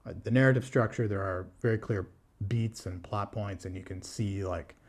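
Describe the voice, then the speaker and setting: A man's voice: lowish voice, normal speed. A man talking casually to camera as a book vlogger, candid and blunt, with frequent fillers, restarts and wry laughs. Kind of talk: casual book review talk.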